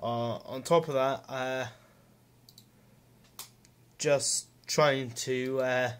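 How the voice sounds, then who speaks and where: A man's voice: mid-range voice, fairly even intonation, drawn-out words, smooth. Rambling, sweary Scottish man vlogging. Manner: rambling, sweary, lots of fillers; self-mocking with chuckles. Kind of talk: casual diary vlog.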